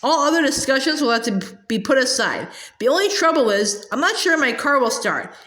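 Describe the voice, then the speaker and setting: A woman's voice: high voice, sing-song, brisk, a bit bright, reverberant, voice pushed up. A woman voicing a fussy, stern grown man who scolds children, while reading a storybook aloud.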